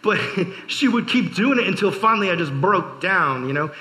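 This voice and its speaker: Male youth pastor, bright higher voice, loose joking sermon, lots of fillers. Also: animated, moderate pace, low-quality recording. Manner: chatty storytelling with many fillers, joking asides.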